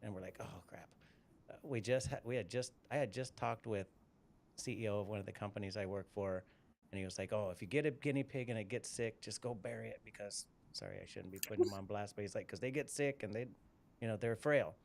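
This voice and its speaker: A middle-aged podcast host with a fairly low, creaky voice speaks at a quick pace during a live interview. He chats casually and tells stories in a rambling way, often repeating words as he goes.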